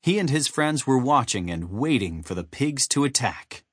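Man, audiobook narrator, lively pitch, husky, dry close sound. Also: normal speed, dry recording. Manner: animated, storytelling. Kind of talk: scripted narration.

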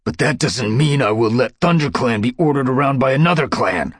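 A man's voice: low voice, a little slow, breathy edge, no room sound, clean studio sound, exaggerated voice. A man voicing a proud, bitter tomcat who snarls his words defiantly in a storybook reading.

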